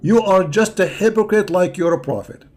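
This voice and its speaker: Guy ranting on a livestream, voice worn out and hoarse, taunting and mocking, kinda higher pitched. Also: normal speed, darkish tone. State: hoarse from hours of talking. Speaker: live-stream host. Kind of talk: combative live-stream rant.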